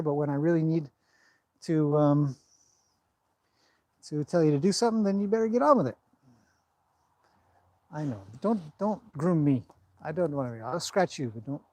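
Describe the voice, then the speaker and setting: A man's voice: on the high side, warm tone, no room sound. A man who trains horses, chatting casually through a livestream, rambling and breaking off to talk to his horse.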